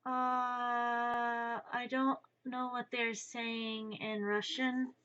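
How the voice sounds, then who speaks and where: A woman's voice: a little high, steady tone, slow pace, fairly bright tone, a little hiss or hum. A young woman streaming from home, chatting casually in a rambling, self-deprecating way and swearing offhand. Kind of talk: casual live-stream chat while drawing. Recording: dull lo-fi stream mic.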